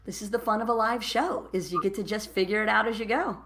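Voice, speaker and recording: A woman hosting a live podcast interview through a headset, upbeat and asking quick questions. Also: mid-range voice, fairly bright tone. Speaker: podcast host.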